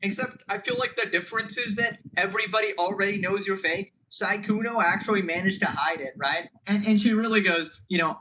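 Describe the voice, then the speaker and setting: A man's voice: sits high, a little fast, hardly any pauses, bright, forceful tone, slight background noise, low-quality recording. A man giving sarcastic reaction commentary, mocking and mimicking the woman in the clip.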